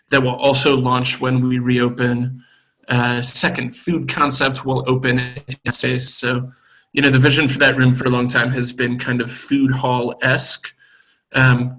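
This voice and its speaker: A brewer talks over a video call, unhurried and thoughtful, filling gaps with "um". His voice is bright and clear, pitched at an ordinary middle level. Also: poor audio. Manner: relaxed, thoughtful, with many fillers. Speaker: brewery co-owner. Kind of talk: casual video call chat.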